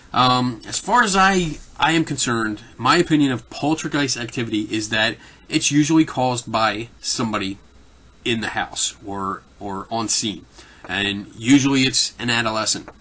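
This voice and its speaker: Bright-voiced man with a Philly accent. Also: mid-range voice. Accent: Philadelphia. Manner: rambling, many fillers and restarts. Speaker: host answering viewer questions. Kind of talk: casual off-the-cuff talk.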